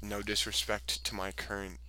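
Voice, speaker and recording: A man's voice: fairly low pitch, completely flat delivery, normal speed, background noise. A young man in casual chat, reacting with laughs and exclamations.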